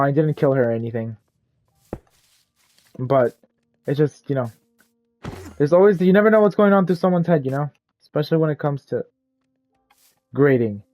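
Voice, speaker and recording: A man's voice: fairly high pitch, dull audio. Profane, rambling young man. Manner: profane, rambling, self-deprecating. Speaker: gaming YouTuber. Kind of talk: casual storytime over gameplay.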